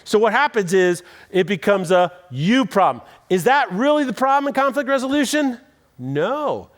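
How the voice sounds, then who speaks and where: A man's voice: high-pitched, big pitch swings, normal speed. A male pastor preaching a sermon in a church, telling stories conversationally and acting out quoted voices, with dry, self-deprecating humor. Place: church auditorium.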